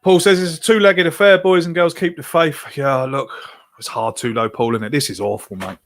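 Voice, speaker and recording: A man's voice: on the high side, fairly even intonation, fairly quick. Give me an exasperated man reacting live to a match and reading fan comments aloud. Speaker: podcast host streaming a match watch-along.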